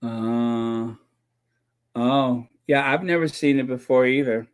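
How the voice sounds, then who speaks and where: On a casual live stream, a man who hosts a royal commentary channel reads out viewer comments and replies in a joking, sarcastic way, laughing and repeating himself frequently. His medium-pitched voice is smooth and slow, with fairly even intonation.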